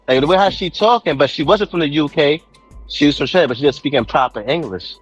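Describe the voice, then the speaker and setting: A man's voice: on the high side, quick pace, husky, dry recording, highs cut off, faint music behind. A man with a New York accent, talking in casual group chat, restarting and repeating himself as he argues a point.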